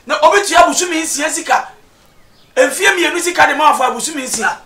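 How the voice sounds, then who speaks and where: A man's voice: very high-pitched, brisk, sharp tone, far from the mic, slight background noise. An actor with a Ghanaian accent playing an emphatic elder who declaims and repeats his words. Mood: declaiming. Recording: roomy sound from off the mic.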